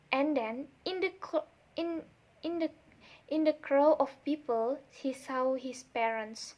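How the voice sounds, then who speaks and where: A young woman student retelling a folk tale for a literature test, halting, with many restarts and repeated words. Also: sits high, a little mellow.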